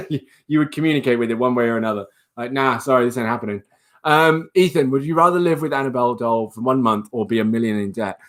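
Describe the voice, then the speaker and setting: Man, livestream host, casual, rambling, laughs a lot, medium pitch. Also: lively intonation, quick pace. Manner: rambling, chatty, laughs often, reads out viewer comments; coos in a high baby voice at a pet rabbit.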